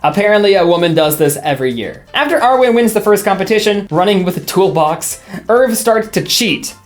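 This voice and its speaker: A woman's voice: mid-range voice, expressive, brisk, faint music behind. A young woman narrating a scripted recap of a TV episode with dry, sarcastic asides. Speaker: YouTube commentator.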